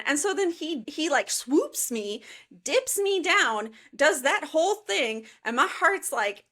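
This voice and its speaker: A woman in her thirties from the Chicago suburbs, a podcast guest telling travel stories in a lively, filler-heavy way. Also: high-pitched, a little slow. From suburbs of Chicago, USA. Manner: animated storyteller, many fillers like "like" and "you know". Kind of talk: casual interview chat.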